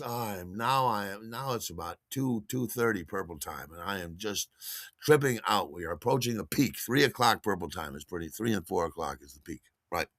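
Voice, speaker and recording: Male host, low-pitched but bright and forceful, lively storytelling monologue, close dry mic. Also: no room sound. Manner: animated, acts out the voices in his story. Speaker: podcast host.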